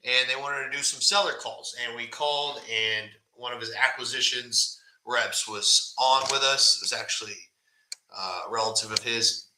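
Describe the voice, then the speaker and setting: Bright-voiced blunt man, echoey room. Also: mid-range voice. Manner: blunt, conversational, fillers like "right?". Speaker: live stream host. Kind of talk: casual live stream talk.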